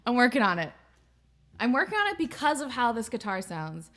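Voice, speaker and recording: A woman's voice: a little high, big pitch swings, unhurried, pauses often, pushed and bright. A woman hosting a casual music livestream, chatting in a playful, scatterbrained way. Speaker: streaming musician host.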